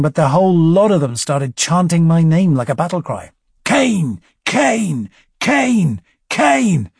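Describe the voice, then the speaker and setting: A man's voice: mid-range voice, darkish tone, husky, no room sound. A man narrating a first-person audiobook story with wry, dry understatement.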